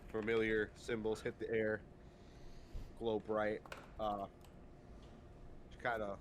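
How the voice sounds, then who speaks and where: A man running a tabletop game as game master, narrating in a relaxed, halting way with many fillers over a voice call. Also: on the low side, slight background noise.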